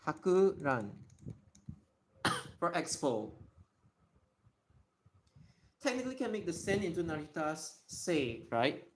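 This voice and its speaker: Hosting a casual livestream Q&A while writing, a man thinks aloud, often correcting himself and apologizing. His voice is fairly high and very animated at a measured pace, with a little hiss or hum.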